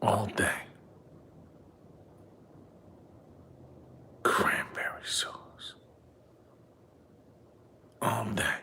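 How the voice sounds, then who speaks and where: A man's voice: fairly low pitch, moderate pace, a little hiss or hum, lightly acted. A comedian playing a nagging middle-aged father who drives a bus, scolding his son over and over. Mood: hushed. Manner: scolding, repetitive, drops to hushed whispers. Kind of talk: comedy character monologue.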